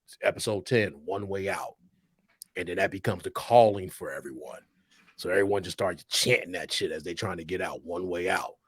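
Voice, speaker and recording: A man's voice: sits low, fairly quick, slightly rough, dry recording, studio quality. Laid-back slangy man, casual podcast chat. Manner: slangy, laughs often. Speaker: podcast co-host.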